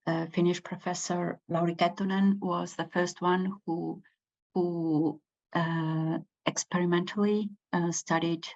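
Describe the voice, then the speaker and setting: A woman giving a university lecture, hesitant, with many pauses and fillers. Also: lowish voice, flat delivery, a little mellow. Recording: dull lo-fi recording.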